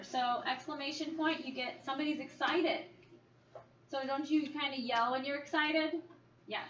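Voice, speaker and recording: A woman's voice: high-pitched, fairly even intonation, moderate pace, a bit bright. A woman teacher leading a small-group reading lesson, patiently asking questions and coaxing the children to answer. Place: classroom. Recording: echoey, distant, dull, noisy classroom recording.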